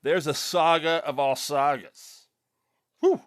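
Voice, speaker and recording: A man hosting his own podcast, rambling loosely and casually with chuckling asides, relaxed after an edible. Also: a little high, slow pace, no room sound, studio quality. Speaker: podcast host.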